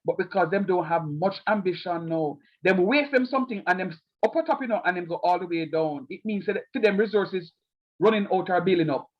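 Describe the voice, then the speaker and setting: A man teaches a math class in a high voice, walking through each step and repeating himself. The sound is dull and lo-fi, like a video call. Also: brisk. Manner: repetitive, explaining step by step.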